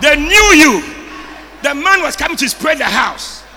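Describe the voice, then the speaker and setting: A Ghanaian man preaching a sermon in a shouting, call-and-response style. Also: very high-pitched, big pitch swings, measured pace, big-room sound, slight background noise. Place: church service. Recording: preaching over loud music.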